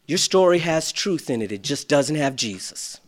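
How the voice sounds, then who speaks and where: A man preaching a sermon, swinging from shouted peaks to quiet storytelling. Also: a little high, big pitch swings, moderate pace. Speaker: pastor.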